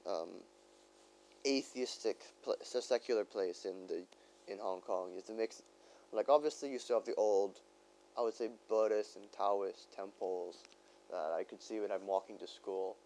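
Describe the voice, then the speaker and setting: A man's voice: on the low side, normal speed, a little mellow, slight background noise, poor audio. A man co-hosting a casual podcast chat, telling rambling stories and laughing as he goes. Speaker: podcast co-host.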